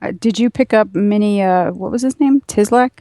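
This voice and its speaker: Mellow low-key woman gaming on stream, dry close mic, short replies. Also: moderate pace, no echo. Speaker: co-player. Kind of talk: casual gameplay chat.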